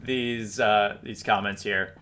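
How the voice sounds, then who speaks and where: A man co-hosting a live-stream podcast, chatting casually and reading viewer comments, relaxed and quick to laugh. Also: fairly low pitch. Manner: relaxed, laughs often, trailing restarts.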